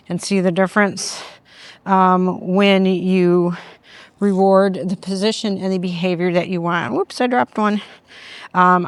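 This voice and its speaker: Calm middle-aged woman training a puppy outdoors. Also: clean tone, dry recording. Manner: calm explaining, with high sing-song praise calls to a puppy. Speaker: dog owner and trainer. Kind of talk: casual training vlog narration. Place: outdoors on a neighborhood walk.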